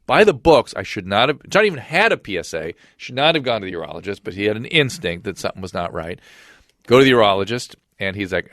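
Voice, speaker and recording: Fast-talking middle-aged man, dry close mic. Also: on the low side, dry recording. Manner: brisk, animated retelling with quoted dialogue. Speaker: podcast host and physician. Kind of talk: casual conversational storytelling.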